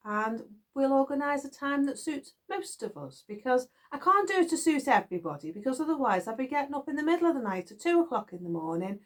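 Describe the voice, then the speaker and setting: A middle-aged British woman chatting away to her viewers in a rambling, giggly way. Her voice sits a little high and swings widely in pitch. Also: lively intonation, brisk, hardly any pauses. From United Kingdom. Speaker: knitting vlogger. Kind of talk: casual chat to viewers. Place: garden shed.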